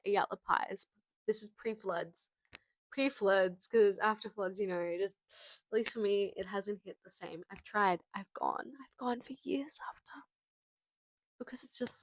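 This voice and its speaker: A woman's voice: mid-range voice, no room sound, low-quality recording. A young Australian woman rambling through a casual storytelling vlog into a small mic, full of filler words. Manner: rambling, chatty, many fillers. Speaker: vlogger. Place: parked car. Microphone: small handheld mic.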